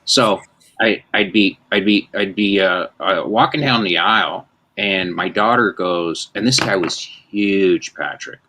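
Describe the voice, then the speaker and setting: Deep-voiced man spinning rambling anecdotes. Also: a little slow, bright, forceful tone, a little hiss or hum. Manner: rambling, self-mocking storyteller. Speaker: host. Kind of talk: casual anecdote-telling chat.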